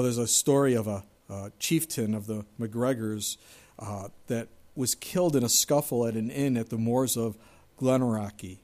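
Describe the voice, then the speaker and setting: A male pastor delivers a sermon with a voice of ordinary, middling pitch. He is emphatic and fires rhetorical questions at his listeners. He swings from raised, insistent lines to quiet, hushed remarks.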